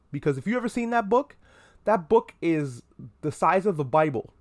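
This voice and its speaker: A man hosting a comedic pop-culture podcast, talking in an animated, profane and self-mocking way. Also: a little high, brisk. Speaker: podcast host.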